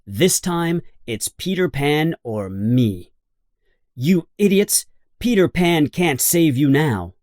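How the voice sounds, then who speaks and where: A man voicing a cruel male pirate captain who speaks slowly and mockingly in an audiobook reading. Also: medium pitch, sing-song, darkish tone, dry recording, studio quality. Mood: gloating. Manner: slow, mocking, laughing.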